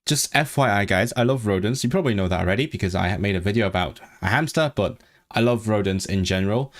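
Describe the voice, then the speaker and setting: A man's voice: lowish voice, fast. A man chatting casually on a live stream, thinking aloud, repeating and restarting words. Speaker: language-learning livestreamer.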